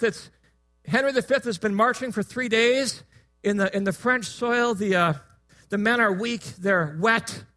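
High-voiced, bright male preacher. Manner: conversational, joking with the congregation. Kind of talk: sermon.

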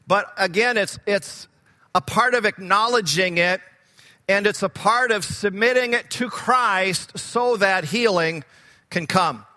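A man's voice: high-pitched, measured pace, bright, forceful tone, long reverb tail. A man preaching a sermon, earnest and repeating key words for emphasis, growing fervent when he quotes scripture.

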